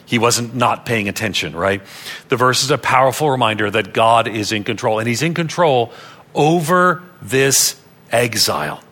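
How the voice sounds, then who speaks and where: A pastor from Long Island, New York, preaches a sermon in a mid-range, sharp-toned voice. He teaches earnestly, repeating key phrases for emphasis.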